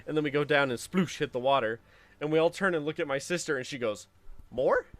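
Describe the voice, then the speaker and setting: A man streaming a game, telling family stories in a casual, lively way and acting out the voices of the people in them. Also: on the high side, quick pace, no room sound. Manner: animated anecdote telling with acted-out quotes. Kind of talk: casual storytelling while playing a game.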